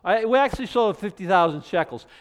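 A man's voice: sits high, expressive, quick pace, voice pushed up. A man voicing a nervous, guilt-ridden woman who over-explains and tries to justify a lie. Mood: flustered pleading.

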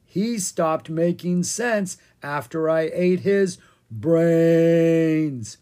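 A reader voicing a clever, brisk young female dragon in a children's storybook. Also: mid-range voice, warm tone, pitched above the performer's own voice. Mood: zombie groaning.

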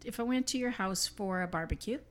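A woman's voice: mid-range voice, a little fast. Woman, podcast co-host, playful and enthusiastic, chatty. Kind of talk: casual chat.

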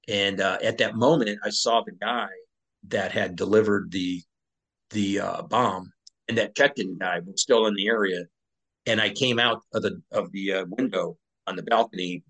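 A man with a fairly low voice recounts a war story as a podcast guest. He talks loosely, with fillers and restarts. He acts out the dialogue as he tells it. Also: fairly bright tone, low-quality recording. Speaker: podcast guest, former Navy SEAL.

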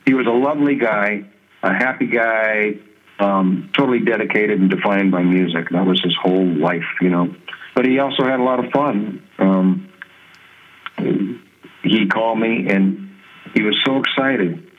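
A man being interviewed as a guest musician, telling stories in a lively conversational way, acting out other people's lines and laughing often. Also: lowish voice, moderate pace. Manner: animated storyteller who mimics others' voices and laughs often. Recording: tinny phone-like line.

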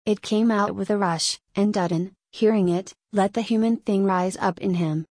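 A woman narrating a story as an audiobook in a measured storytelling way. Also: medium pitch, steady tone, a little mellow, no room sound.

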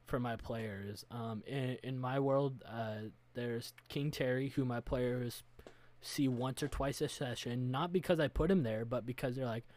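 Man, mid-pitched voice, earnest, thinking aloud, casual podcast chat. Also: unhurried, a little mellow. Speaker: game master, podcast co-host.

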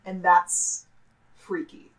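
A woman's voice: extremely slow, poor audio. A young woman in casual conversation, rambling with fillers and poking fun at herself. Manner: rambling, fillers, self-mocking. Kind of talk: casual chat.

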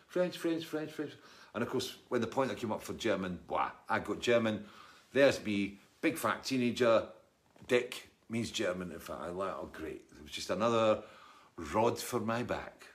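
Chatty Scottish man, fairly low voice. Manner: rambling, chatty, wry. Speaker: musician answering viewer comments. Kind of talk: casual live chat reading comments.

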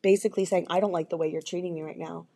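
A woman's voice: on the low side, steady tone, very fast, a crowd in the background. A young adult woman co-hosting a casual podcast, talking candidly and earnestly, often restarting her sentences. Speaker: podcast co-host. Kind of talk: casual chat.

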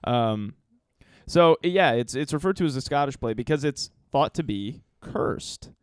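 Laid-back man, smooth dry voice. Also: mid-range voice, animated, unhurried, dry recording. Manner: loose, swearing, laughing, trailing off with ums. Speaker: podcast co-host telling the story. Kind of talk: casual chat.

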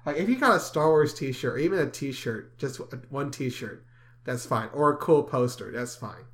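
A young man co-hosting a casual podcast chat, sarcastic and crude, swearing often and breaking into loud laughter. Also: medium pitch, lively intonation, normal speed. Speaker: podcast co-host.

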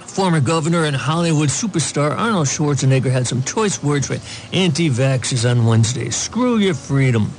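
A man's voice: fairly high pitch, animated, normal speed, darkish tone, slight background noise. A man giving casual political commentary, reading news aloud with sarcastic asides and plenty of ums. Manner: sarcastic asides, many fillers.

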